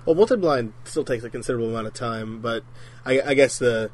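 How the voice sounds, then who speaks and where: A man's voice: medium pitch, fast talker, slight background noise. A man hosting a casual podcast chat, reading out listener questions and laughing often. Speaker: podcast host.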